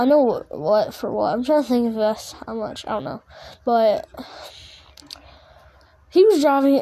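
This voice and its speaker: A woman's voice: a little high, warm tone. A woman telling a casual story in a rambling, profane way, full of restarts and fillers.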